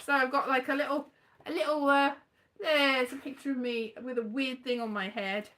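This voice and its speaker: A woman's voice: high-pitched, fairly even intonation, moderate pace, pushed and bright. A woman chatting casually in a rambling, giggly vlog. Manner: rambling, chatty, laughs often. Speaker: vlogger. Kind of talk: casual chat.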